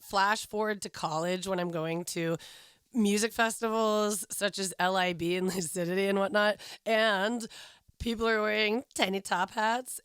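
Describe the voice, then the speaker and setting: Smooth-voiced young woman, sarcastic chat. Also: medium pitch, a bit bright, no room sound, clean studio sound. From California. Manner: sarcastic, swears casually. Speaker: podcast co-host. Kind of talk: casual chat.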